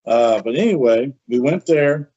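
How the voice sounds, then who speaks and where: A man hosting a podcast tells a story in a chatty, animated way, full of asides. His voice sits at an ordinary middle pitch. The recording sounds dull and lo-fi. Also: unhurried. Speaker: podcast host. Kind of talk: casual storytelling.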